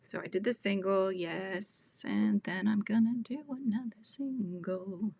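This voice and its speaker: A woman's voice: mid-range voice, animated, measured pace, gravelly, darkish tone, breathy edge. A woman in her thirties hosting a casual crochet livestream, chatting and often laughing as she acts out quotes. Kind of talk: casual chat while crocheting, reading viewer comments.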